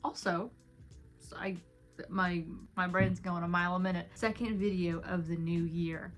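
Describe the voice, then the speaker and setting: A young woman talks straight to her camera in a loose, rambling story time, joking about herself as she goes. She sounds a little under the weather from a headache, and faint music sits quietly behind her. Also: lowish voice, flat delivery, moderate pace. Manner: rambling, self-deprecating, chatty. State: unwell with a headache. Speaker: YouTuber. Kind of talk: casual story time vlog.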